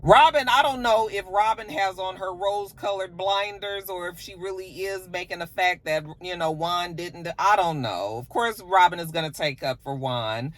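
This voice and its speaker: A man's voice: sits high, normal speed, few pauses, a bit bright. Chatty man recapping with sass. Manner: chatty, sassy retelling with acted-out quotes. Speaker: reality TV recap host. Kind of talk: casual recap monologue.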